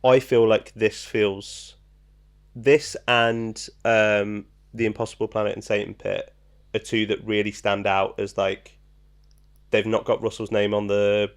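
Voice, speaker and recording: Man, podcast co-host, gravelly low edge, reads trivia casually with lots of ums and jokes. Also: level tone, unhurried. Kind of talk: casual chat.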